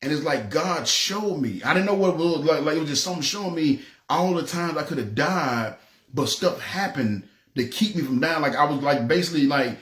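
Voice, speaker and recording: A man's voice: fairly high pitch, fairly quick. Preacher telling his story in a roomy echo. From Memphis, Tennessee. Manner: animated storytelling, acts out dialogue; frequent "you know what I'm saying". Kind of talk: personal testimony.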